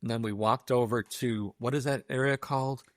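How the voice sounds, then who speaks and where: A man's voice: medium pitch, fairly even intonation, fairly quick, no room sound. A man co-hosting a podcast in casual chat, easygoing and rambling, recorded close and dry. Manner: easygoing, rambling storyteller with fillers. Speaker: podcast co-host.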